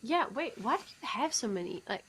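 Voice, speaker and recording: A woman's voice: a little high, sing-song, a little fast, a bit bright, breathy edge. A woman in a roleplay stream, chatting in character and teasing her companion playfully. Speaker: roleplay player.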